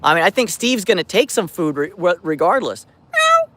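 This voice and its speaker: A man with a high voice chats loosely to his viewers outdoors, stumbling and restarting as he goes. His pitch swings widely from low mutters to sudden high bursts, and his talk is peppered with mild swearing. The sound comes from a handheld phone. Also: animated, fairly quick, a bit bright. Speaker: vlogger feeding stray cats. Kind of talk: casual live-stream chat. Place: outdoors by his car at night.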